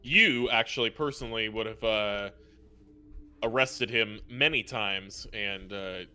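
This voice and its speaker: A man narrating a tabletop role-playing game as game master, chatty and quick to laugh. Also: lowish voice, pushed and bright, smooth. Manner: laughs often, loose and chatty.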